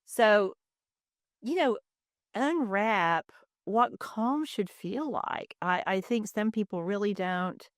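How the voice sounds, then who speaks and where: A woman's voice: medium pitch, expressive, slow, no echo, studio quality. A middle-aged woman, a dentist, hosting a podcast interview in a conversational, emphatic way.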